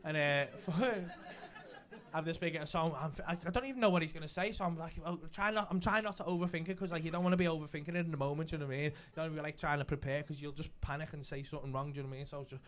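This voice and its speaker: A young adult man with a Liverpool accent, telling a comedy story in casual chat, animated and sweary, laughing often. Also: fairly high pitch, racing. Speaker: stand-up comedian.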